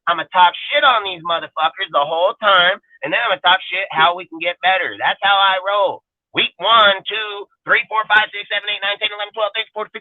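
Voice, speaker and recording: Profane fan-show ranter: high-pitched man, crude and combative, dry narrow phone-like sound. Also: no room sound. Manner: loud, crude, combative, swears constantly. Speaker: co-host of a sports fan talk show. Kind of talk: profane ranting sports talk.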